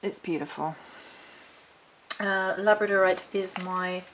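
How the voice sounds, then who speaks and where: A woman's voice: lowish voice, fairly even intonation, slow pace, fairly bright tone, a little hiss or hum, low-quality recording. A woman vlogger chatting casually through a haul of witchcraft supplies, rambling, backtracking and reading notes aloud from a book. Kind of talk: casual chat showing a haul.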